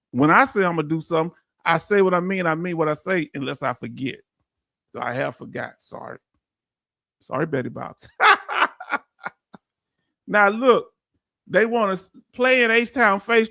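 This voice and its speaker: Southern Texan man hosting a livestream, high voice, dry close mic, talks blunt and direct to chat. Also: a bit bright, no room sound. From Houston, Texas. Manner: blunt, straight-talking, addresses chat directly. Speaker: livestream host.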